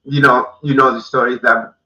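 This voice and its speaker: A man hosting a casual chat, speaking haltingly with restarts. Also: medium pitch, level tone, sharp tone. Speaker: host. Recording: dull, roomy, far from mic.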